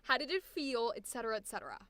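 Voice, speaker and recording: A young woman leading a live voice acting coaching session, chatty and encouraging and quick to laugh. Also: on the high side, sing-song, sharp tone.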